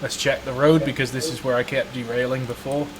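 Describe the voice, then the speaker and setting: A man's voice: mid-range voice, steady tone, brisk, background noise. A man casually chatting and joking while live streaming a train simulator. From Wales. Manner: joking, swearing, laid-back banter.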